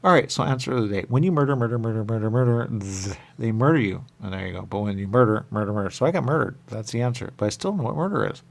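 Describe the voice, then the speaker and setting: A man's voice: lowish voice, rapid-fire, vocal fry. A man hosting a radio show, talking in a rambling, repetitive monologue that keeps circling back with small chuckles.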